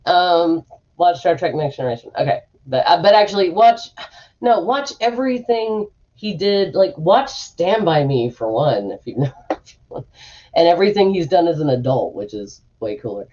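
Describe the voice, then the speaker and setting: A woman's voice: on the low side, sing-song, normal speed, a little mellow, muffled recording. A woman hosting a stream from a room at home, rambling in casual chat with lots of fillers and asides while reading an article aloud. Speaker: streamer host.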